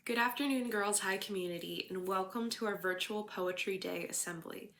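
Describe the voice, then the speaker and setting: An English teacher with a Philadelphia accent offers a formal, measured welcome to a school assembly and then recites a poem. Her voice is medium in pitch with a fairly bright tone.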